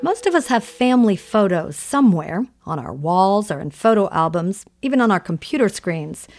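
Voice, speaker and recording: A woman hosts a radio news feature and reads her script in a smooth, even way. Her voice has a middle pitch. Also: moderate pace, faint music behind. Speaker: radio host.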